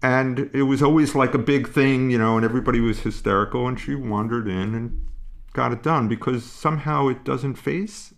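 A man explaining parenting ideas in a calm, musing way, pausing and restarting as he thinks. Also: medium pitch. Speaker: parenting expert guest. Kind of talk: conversational explanation.

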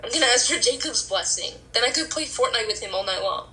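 Teen girl co-host, bright, animated voice, dry teasing humor. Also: a little high, fast talker, slight background noise. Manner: teasing, deadpan jokes. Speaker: podcast co-host. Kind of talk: casual chat.

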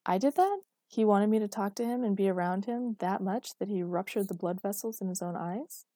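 A woman's voice: mid-range voice, lively intonation, a little fast, mellow, dry recording, clean studio sound, natural voice. A woman doing a literal-minded young woman. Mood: puzzled.

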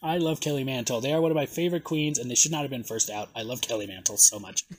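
A man hosting a casual podcast, excitable and swearing now and then as he reads contestant bios aloud. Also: medium pitch, fast talker, a little hiss or hum. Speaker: podcast host.

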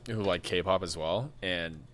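Laid-back young man with a bright tone. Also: sits low, unhurried, a little hiss or hum. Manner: laid-back, dry, swears casually. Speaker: guest, online cooking creator. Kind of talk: casual podcast chat.

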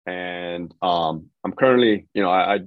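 A man's voice: sits low, moderate pace, no room sound, phone-quality sound. A man in his forties, a podcast guest, talking casually in a laid-back, profane way with many fillers. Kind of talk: casual interview talk.

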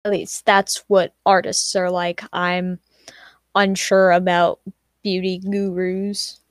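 A woman's voice: lowish voice, takes it slowly, dry recording, clean studio sound. Chatty woman telling stories. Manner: chatty, animated storytelling with acted-out quotes. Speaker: student co-host. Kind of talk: casual chat.

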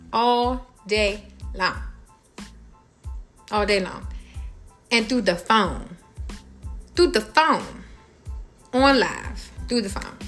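Bright, animated woman dishing celebrity gossip. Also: a little high. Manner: animated, exasperated, profane and repetitive. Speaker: host. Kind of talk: casual celebrity gossip commentary.

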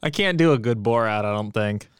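A man co-hosting a movie-review podcast in relaxed, joking chat, laughing easily. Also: on the low side, fairly quick, clear, resonant tone, dry recording, studio quality. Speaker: podcast co-host.

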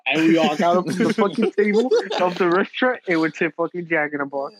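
A man's voice: on the high side, fast, hardly any pauses, low-quality recording. A young man chatting casually, telling a story with lots of swearing and acting out what people said. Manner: animated storytelling, heavy swearing, acts out voices. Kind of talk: casual chat.

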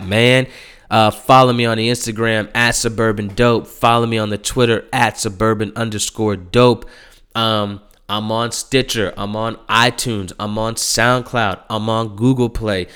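A man hosting a solo podcast, ranting in a heated, profane way and often getting louder. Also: fairly low pitch, smooth. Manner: profane, heated, swings into loud mocking impressions. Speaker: podcast host.

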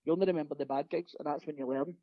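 A Scottish stand-up comedian telling rapid, sweary, laughing stories in a casual chat. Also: male voice, a little high, steady tone, no room sound, lo-fi sound.

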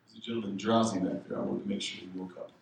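A man preaching a sermon, telling a story and building to loud shouted exhortation. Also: fairly low pitch, little pitch movement, rapid-fire, vocal fry, slight background noise. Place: church sanctuary. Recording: echoey room, speaker far from the mic.

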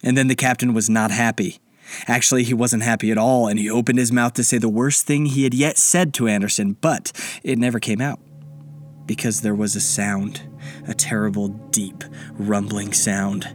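A man reads a children's adventure tale in a gentle, unhurried manner. His voice sits low, and the recording is dry and close. Soft music plays faintly underneath. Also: steady tone, no echo. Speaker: storyteller. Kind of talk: bedtime story narration.

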